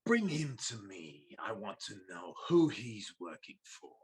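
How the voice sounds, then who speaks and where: Brief: man playing a gruff ship boss who barks orders and curses, slow and measured. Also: on the low side, sing-song. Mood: demanding. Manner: blunt and demanding.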